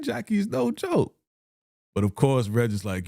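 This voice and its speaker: A man's voice: mid-range voice, wildly swooping pitch, a little slow, creaky, dark tone, no echo, clean studio sound. A man streaming live as he reacts to a TV episode, talking casually with lots of slang, laughing and acting out the characters' lines.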